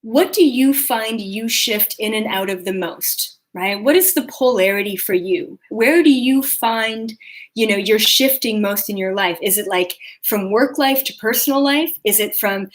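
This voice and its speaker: A woman's voice: medium pitch, a little slow. A young adult woman hosting a spiritual live video, talking casually with lots of fillers and acting out her own thoughts in quotes. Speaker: spiritual podcast host.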